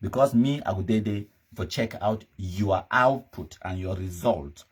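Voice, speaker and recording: A man's voice: fairly low pitch, unhurried, slightly rough. A man speaking Cameroonian Pidgin English, hosting a live commentary show in an emphatic, scornful, ranting manner. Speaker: host.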